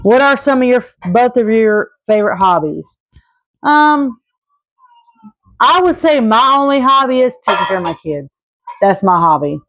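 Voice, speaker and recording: A thirtysomething Arkansas woman with a higher, fairly bright voice and lively intonation speaks at normal speed in a casual Q&A. She answers viewer questions earnestly but wanders, restarting and using fillers often. The audio is poor, though there's no room sound.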